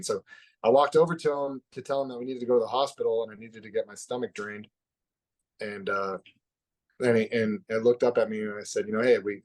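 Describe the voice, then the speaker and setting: A man as a podcast guest, telling a personal story in an open, reflective way that drops soft at the heavy parts. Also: on the low side. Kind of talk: candid conversational storytelling.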